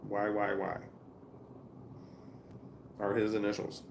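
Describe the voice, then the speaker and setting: Low gravelly guy rambling thru a story, swears a lot, faint hiss behind. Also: monotone, slow pace. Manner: rambling, profane, restarts often. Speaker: vlogger telling a family story. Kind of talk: casual storytelling monologue.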